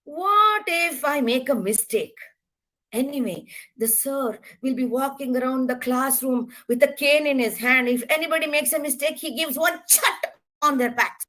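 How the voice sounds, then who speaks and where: A woman's voice: sits high, moderate pace, pushed and bright, rough recording. A woman voicing a lonely little village schoolboy who whines and complains, in a children's storybook telling. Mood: scheming. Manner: whiny, complaining.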